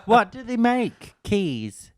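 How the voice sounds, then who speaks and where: A man's voice: high voice, very animated, slow pace, no room sound. Chatty Northern English man, dry sound. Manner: chatty, self-mocking, swears casually. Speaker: podcast co-host, actor and stand-up comic. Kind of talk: casual comedy chat.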